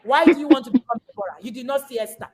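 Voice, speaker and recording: Lady podcast host, highish voice, preachy and fired up about parenting. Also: very fast, darkish tone. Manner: passionate and sermon-like, with sudden emphatic bursts.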